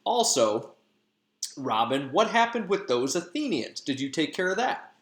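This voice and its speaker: A man's voice: a little high, a little slow, voice pushed up. Man doing a gleeful fairy king. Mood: delighted. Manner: excited, slangy, rising exclamations. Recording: echoey room.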